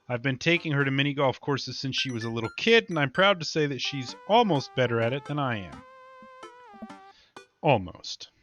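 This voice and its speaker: A young man reading a visual novel aloud as a let's-play host, animated and jumping higher in pitch for the dialogue.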